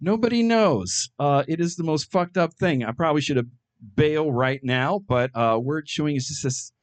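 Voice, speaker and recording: A middle-aged man doing a stand-up comedy set, delivering absurd jokes in a deadpan way with frequent ums and uhs. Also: fairly high pitch, normal speed.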